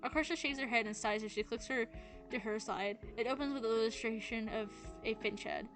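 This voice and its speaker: Let's play host, woman, casual reader, slightly high voice, game music behind. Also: fairly quick, fairly bright tone. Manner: casual, with fillers and restarts. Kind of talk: reading a visual novel aloud with commentary.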